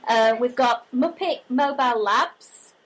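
A woman's voice: fairly high pitch, a little slow, low-quality recording. A woman co-hosting a live podcast meetup, giggling as she reads out a list. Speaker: podcast co-host. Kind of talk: casual live chat.

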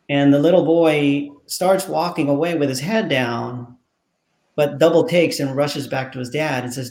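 A man's voice: mid-range voice, normal speed, reverberant. A man being interviewed as an author, telling a story and acting out the people in it. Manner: animated storyteller acting out dialogue. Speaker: author and guest.

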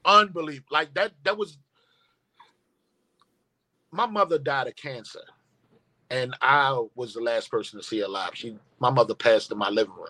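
Man, guest telling a story, emphatic and profane, forceful bright tone. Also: mid-range voice, moderate pace, long pauses. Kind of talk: storytelling in casual conversation.

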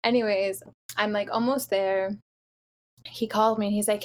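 A young woman from the Los Angeles area chatting casually, telling a dating story in an animated way with lots of "like" fillers. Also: medium pitch, moderate pace, long pauses. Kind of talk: casual chat.

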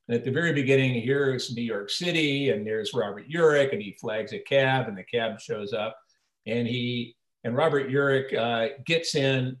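An older man, an actor interviewed as a guest, telling long rambling anecdotes with many restarts and acting out the quoted lines. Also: mid-range voice. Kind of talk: casual storytelling interview. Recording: roomy echo.

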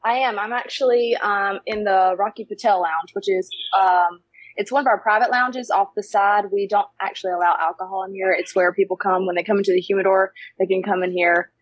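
A woman's voice: medium pitch, steady tone, brisk, no room sound, lo-fi sound. Giggly Southern woman, very dry sound. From North Carolina. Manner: giggly, easygoing drawl. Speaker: podcast guest, lounge manager. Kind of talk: casual chat. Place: private cigar lounge room.

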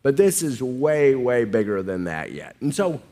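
A man's voice: medium pitch, very animated, a little slow, dark tone. A man, a pastor in a sermon discussion, speaking with enthusiasm and casual everyday examples.

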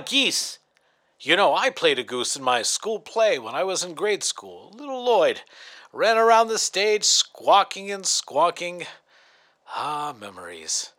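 Male host, slow and lively, dry mock-horror delivery for sponsor reads. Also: a little high. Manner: dry, mock-horrified commentary. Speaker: podcast host. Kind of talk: comedic sponsor read and show intro.

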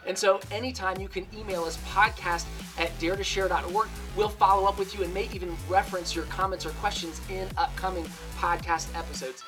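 Woman co-host, mid pitch, upbeat scripted promo read over a loud music bed. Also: fairly even intonation, a little fast, hardly any pauses. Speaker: podcast co-host. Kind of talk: scripted podcast intro.

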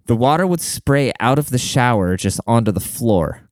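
A young man telling a long story to his viewers in a casual, profane, animated way, talking to them like a buddy. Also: medium pitch, moderate pace, no echo, studio quality. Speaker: vlogger.

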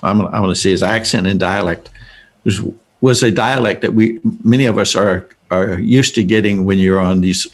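A man's voice: sits low, normal speed. A man speaking to a group as a Christian speaker, telling a story in an earnest, rambling way, restarting and correcting himself often.

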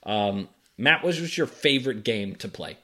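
Male podcast co-host, lowish voice, easygoing and chatty. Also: animated, moderate pace, pushed and bright. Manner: laid-back, reads listener messages aloud. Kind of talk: casual podcast chat.

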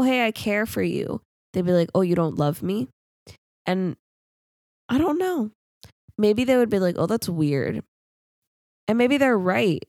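A woman's voice: on the low side, dark tone, no echo, studio quality. A young woman hosting a solo podcast, rambling casually and laughing at herself. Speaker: podcast host.

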